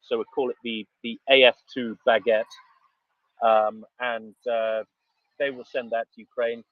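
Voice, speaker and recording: A man's voice: mid-range voice, flat delivery, a little slow, no room sound. Dry-witted British man, dull lo-fi mic. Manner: dry, hesitant with many fillers. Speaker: panelist. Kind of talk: casual chat.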